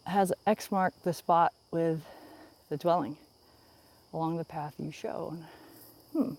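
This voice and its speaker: Out in the woods, a woman does a relaxed walk-and-talk livestream, holding her phone camera out ahead as she rambles to viewers and laughs a lot. Her voice is low and steady, slow-paced and slightly mellow, with a bit of hiss or hum on the audio.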